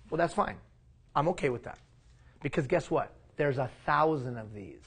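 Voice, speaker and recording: A man leading a leadership workshop, animated and asking the room questions. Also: a little high, normal speed, gravelly, slightly rough. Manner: animated, asks the room questions, acts out mock quotes. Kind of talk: live seminar talk. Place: classroom.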